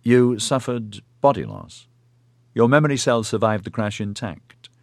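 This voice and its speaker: A man voicing a patient, formal male clinic official who explains things in a measured, polite way with hesitant fillers. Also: mid-range voice, expressive, darkish tone, no room sound, studio quality. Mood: explaining.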